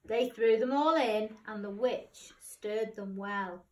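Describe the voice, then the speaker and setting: Slow, expressive woman reading a storybook. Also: fairly high pitch, background noise. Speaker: teacher reading aloud. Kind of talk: reading a children's picture book aloud. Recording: echoey room, voice off-mic.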